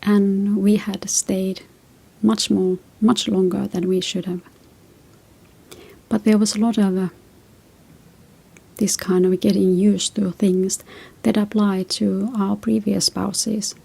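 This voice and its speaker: Husky, gravelly woman giving gentle advice. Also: mid-range voice, little pitch movement, takes it slowly. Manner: reflective, tells personal stories. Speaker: relationship advice host. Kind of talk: casual advice talk.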